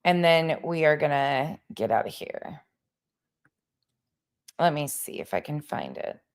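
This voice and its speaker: A woman's voice: low voice, big pitch swings, unhurried, gravelly. A woman hosting a livestream commentary, frustrated and searching for words. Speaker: commentary host.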